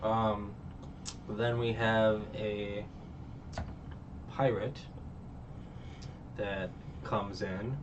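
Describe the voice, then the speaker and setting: A man's voice: on the low side, steady tone, very slow, long pauses. A man casually recapping a show as a reviewer, rambling with many fillers and restarts. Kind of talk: casual chat. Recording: muffled distant mic, faint background noise.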